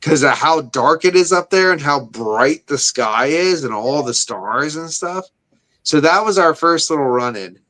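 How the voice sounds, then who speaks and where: A man's voice: fairly high pitch, expressive, unhurried, pushed and bright. Profane rambling man telling stories. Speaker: podcast co-host. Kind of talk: casual chat.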